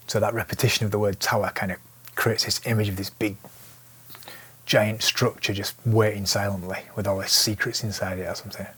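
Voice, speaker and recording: A man's voice: fairly low pitch, fairly quick, husky. A man teaching lyric writing in a casual, thinking-aloud way. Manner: relaxed, thinking aloud with restarts. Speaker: songwriting teacher. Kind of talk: casual instructional talk.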